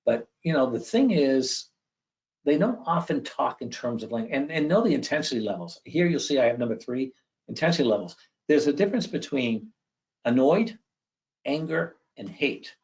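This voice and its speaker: Male education speaker, conversational lecture, mid-pitched voice, dull lo-fi sound. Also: big pitch swings, moderate pace. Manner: conversational, checks in with frequent "okay?". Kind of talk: presentation lecture with slides. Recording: dull lo-fi recording.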